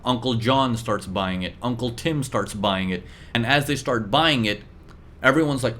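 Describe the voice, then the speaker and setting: A man teaching traders in a live class, talking lively and acting out the voices of buyers and sellers. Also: mid-range voice, normal speed, a little hiss or hum. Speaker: trading mentor.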